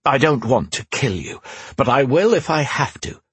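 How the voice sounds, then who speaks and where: A man doing a gruff, threatening young prince. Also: mid-range voice, big pitch swings, normal speed, a bit bright, no room sound, voice pushed up, full character voice. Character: fierce young prince, swordsman, hostile. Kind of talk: audiobook character voice.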